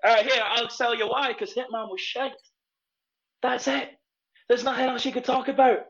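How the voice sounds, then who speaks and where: A man with a Scottish accent chatting loudly on a live stream, laughing and swearing. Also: very high voice, level tone, normal speed, vocal fry, dull audio. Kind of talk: casual banter. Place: home room.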